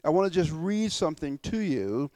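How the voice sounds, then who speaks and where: A male pastor preaching a sermon to his church, emphatic and slowing down to stress key words, often repeating and restarting. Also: a little high, sing-song, warm tone, dry recording.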